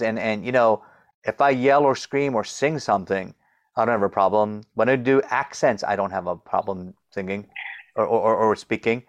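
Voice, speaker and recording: Middle-aged guy w a stutter, guest on a chat, keeps demoing sounds, normal pitch. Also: lo-fi sound. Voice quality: stutters, repeating opening sounds. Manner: explains with demonstrations, energetic. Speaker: guest coach. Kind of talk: conversational interview.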